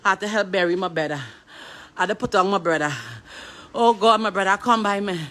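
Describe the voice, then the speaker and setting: A woman's voice: medium pitch, a little fast, fairly bright tone. A grieving woman with a Trinidadian accent, crying and pleading over and over in a distraught street appeal. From Trinidad and Tobago. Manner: pleading, repetitive, breaking between laughter and tears. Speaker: grieving sister.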